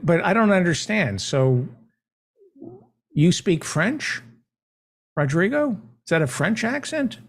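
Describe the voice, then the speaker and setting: Husky guy hosting a talk show, deadpan silly questions, voice bounces all over. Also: sits high, slow, long pauses. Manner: deadpan mock-naive joking. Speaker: show host. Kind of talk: comedic talk show banter.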